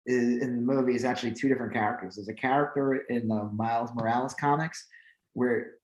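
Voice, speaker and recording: A man's voice: medium pitch, brisk, dull audio. Rambling man in an echoey room. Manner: rambling, filler-heavy, animated when excited. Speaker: podcast co-host. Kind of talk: casual chat.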